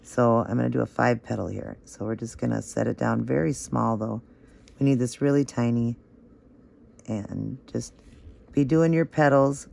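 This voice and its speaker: A man's voice: mid-range voice, creaky, a little mellow. A man hosting a nail art tutorial, talking through each step in a chatty, encouraging way and gushing over how the results look.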